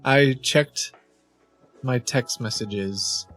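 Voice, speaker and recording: A man's voice: medium pitch, extremely slow, fairly bright tone, faint music behind. A man hosting a stream, chatting casually and telling an amused story. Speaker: streamer host.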